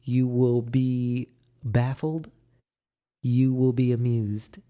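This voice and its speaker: A man's voice: mid-range voice, monotone, slow, mellow. A young man co-hosting a podcast in casual chat, laid-back and drawn out, acting out quotes as he tells a story. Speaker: podcast co-host.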